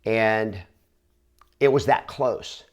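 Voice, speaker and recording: A man working as a real estate trainer, telling a motivational story to camera in an earnest, conversational way with quick restarts. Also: lowish voice, clear, resonant tone.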